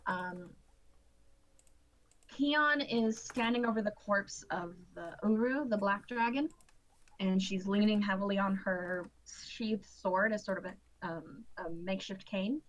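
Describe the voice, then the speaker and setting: A woman's voice: mid-range voice, measured pace, poor audio. A tired woman narrating as game master, casual and swearing, often laughing and tripping over her words.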